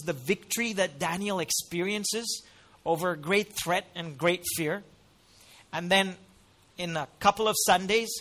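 A man with a notably high voice delivers a sermon from the pulpit. He speaks directly to his congregation and breaks up the teaching with light, teasing asides. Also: pushed and bright. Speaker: pastor.

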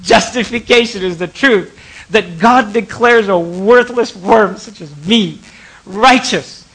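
Bright impassioned male preacher. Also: high voice, creaky, low-quality recording. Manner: impassioned, drawn-out emphatic words, sudden drops to soft asides. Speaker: pastor. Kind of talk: sermon. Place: church.

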